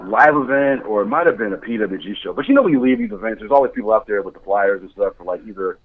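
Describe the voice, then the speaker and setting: He speaks fast and animatedly in a fairly low voice: a male motion capture director on a casual podcast, candidly recounting stories with plenty of laughs. The audio sounds tinny, like a phone line.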